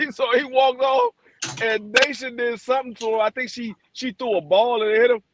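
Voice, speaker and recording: A middle-aged man telling loud, profane stories in casual chat, often stammering and restarting. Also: very high-pitched, animated, moderate pace, noisy background.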